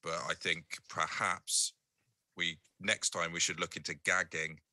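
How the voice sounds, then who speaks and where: A man playing a tabletop game, joking and brisk in character. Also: deep voice, flat delivery, sharp tone, dry recording. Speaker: player. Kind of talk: casual in-character tabletop play.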